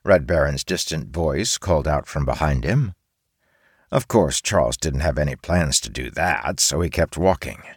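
A man narrating an audiobook in an expressive storytelling manner, recorded close on a studio mic. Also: rumbling low, normal speed, husky, no room sound. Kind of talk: scripted narration.

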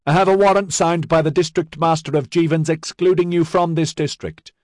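A man's voice: fairly high pitch, fairly even intonation, a little fast, dry recording, studio quality, pitched above the performer's own voice, natural voice. A man voicing a blunt, brash male police sergeant who bellows his orders. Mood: commanding.

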